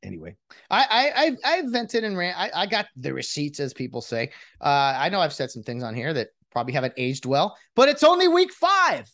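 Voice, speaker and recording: A man's voice: on the high side, sing-song, a little fast, fairly bright tone. A man in a casual sports rant, exasperated and mocking, often restarting his sentences as he vents as a fan. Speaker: sports commentator venting as a fan.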